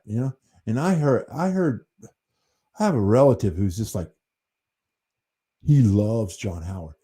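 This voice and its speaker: An American man rambles indignantly into his mic on a live stream, stumbling through fillers and restarts. His voice is very dark and mellow, pitched on the low side. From United States. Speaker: livestream host. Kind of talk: rambling livestream talk.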